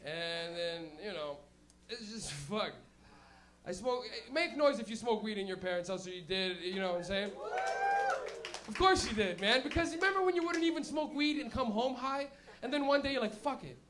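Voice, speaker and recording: A young man hosting a comedy night and doing stand-up, loud and animated with lots of swearing. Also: high-pitched, moderate pace, background noise. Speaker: comedian and show host.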